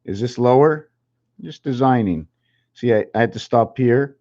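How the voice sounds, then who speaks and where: A man talks to his channel in a halting, musing way, counting numbers and spelling letters aloud as he draws. He sounds a little out of breath. His voice sits at a middling pitch, and the recording is slightly dull. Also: a little mellow. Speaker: channel host. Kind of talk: rambling numerology talk while drawing.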